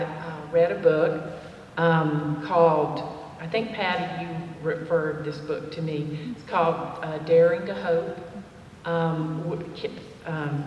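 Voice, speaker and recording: A woman gives a slow, unhurried testimony to a gathering of women, pausing on fillers as she tells her story. Her voice carries from a distance through a long, echoing hall. A faint hum of noise sits underneath. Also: low-pitched, highs cut off. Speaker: cafe owner speaking at a women's dinner. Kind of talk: personal testimony talk. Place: church fellowship hall. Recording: echoey hall, voice from far off.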